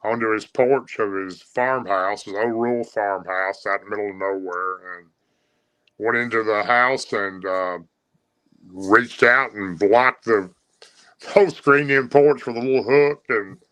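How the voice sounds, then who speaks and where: A man's voice: fairly low pitch, measured pace, a bit bright, no echo, low-quality recording. A man with a Southern US accent, a guest telling a long story with many fillers and restarts. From Tennessee.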